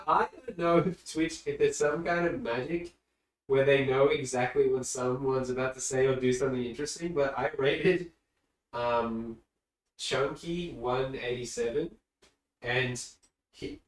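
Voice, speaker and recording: Distracted male streamer, echoey and distant. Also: mid-range voice. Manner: rambling, easily distracted. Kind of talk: casual livestream chat. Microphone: sitting far from the mic. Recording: echoey room, distant mic.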